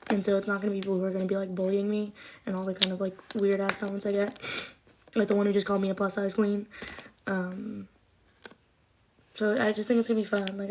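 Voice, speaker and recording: A woman's voice: medium pitch, darkish tone, slight background noise. A young woman chatting casually on a livestream, rambling, emotional and swearing often. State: cold, shivering.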